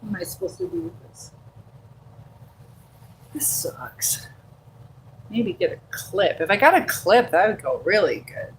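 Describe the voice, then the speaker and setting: A woman's voice: on the low side, big pitch swings, unhurried, pauses often, a little hiss or hum, poor audio. Chatty woman hosting a phone livestream. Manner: chatty and rambling, reading viewer comments aloud with many fillers. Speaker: livestream host. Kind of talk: casual live-stream chat. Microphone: handheld phone.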